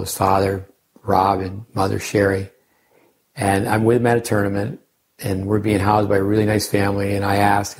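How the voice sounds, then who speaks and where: A man's voice: lowish voice, a little hiss or hum. An older man, a tennis coach hosting a podcast, talking casually and rambling through coaching lessons and side stories. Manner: rambling, anecdotal, with restarts and sidebars.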